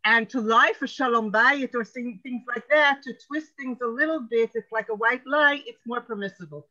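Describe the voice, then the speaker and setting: A woman's voice: fairly high pitch, normal speed, bright, forceful tone, highs cut off. A woman student making an earnest point in a class discussion.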